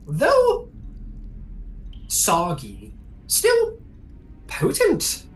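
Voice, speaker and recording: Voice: mid-range voice, wildly swooping pitch, extremely slow, faint music behind, pitched above the performer's own voice, exaggerated voice. A game master voicing a terse, birdlike kenku archivist who speaks in clipped, stilted phrases.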